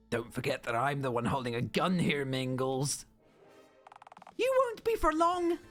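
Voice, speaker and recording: A woman's voice: high voice, pitched above the performer's own voice. A woman voicing a haughty, villainous female cat mayor in a game, with grandiose, sneering speech. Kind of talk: reading a game's dialogue aloud.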